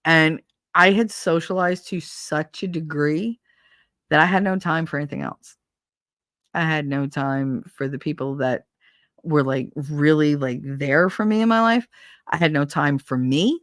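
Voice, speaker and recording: A woman's voice: deep voice, dry recording, clean studio sound. Laughing, rambling Jersey woman streamer. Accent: New Jersey. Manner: rambling, laughing, swearing, self-mocking. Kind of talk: casual solo chat.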